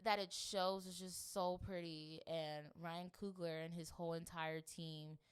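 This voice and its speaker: A woman's voice: fairly low pitch, a little slow, clear, resonant tone. A woman hosting a podcast, talking casually and rambling with lots of fillers. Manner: rambling, filler-heavy, animated. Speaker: podcast host. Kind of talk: casual chat.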